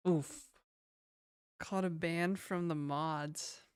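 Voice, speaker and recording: A woman's voice: sits low, steady tone, extremely slow, clean tone, no echo, clean studio sound. A young adult woman with a Canadian accent chatting casually on a livestream, reading viewer questions aloud and answering them in a laid-back way.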